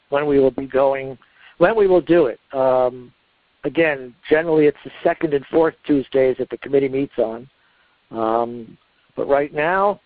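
A man's voice: fairly high pitch, no room sound. Man chairing meeting over phone line. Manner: relaxed, many fillers, drawn-out pauses. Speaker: committee chair. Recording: dry phone-line audio.

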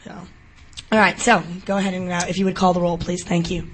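Halting woman chairing a board meeting. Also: fairly low pitch, level tone, slight background noise. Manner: hesitant, many fillers, turns firm when calling for order. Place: large meeting room.

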